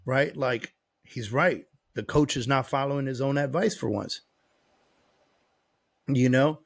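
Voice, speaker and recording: Male podcast guest, gravelly voice, blunt cursing storyteller, talks like a coach. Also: medium pitch, unhurried. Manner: blunt and profane, sarcastic. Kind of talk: casual storytelling.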